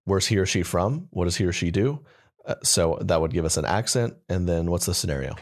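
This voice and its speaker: A man's voice: deep voice, animated, brisk. A young man co-hosting a comedy podcast, chatting casually in a rambling, joking way full of fillers. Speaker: podcast co-host.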